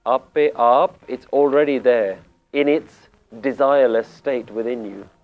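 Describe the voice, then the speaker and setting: A man teaching Sikh scripture, explaining word meanings calmly and deliberately, repeating key phrases. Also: medium pitch, phone-quality sound. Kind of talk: slow spiritual explanation.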